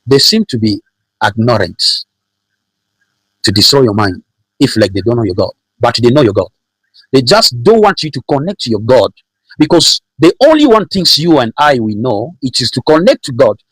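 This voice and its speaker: Brief: male preacher, husky voice, mid pitch, emphatic and repetitive sermon delivery. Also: big pitch swings, normal speed, no room sound, poor audio. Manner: emphatic, repetitive, rhetorical questions.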